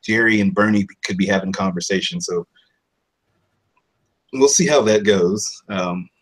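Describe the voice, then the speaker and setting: A man's voice: low voice, unhurried, rough recording. A man who works as a voice-over artist and actor, talking casually in an interview about his characters. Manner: animated, slips into character voices.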